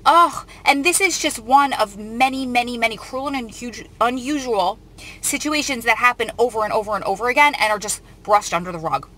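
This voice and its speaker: A woman's voice: fairly high pitch, fairly quick, sharp tone, low-quality recording. A young woman vlogger reading a news article aloud and reacting to it in an earnest, emotional way. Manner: earnest, emotional, often close to tears.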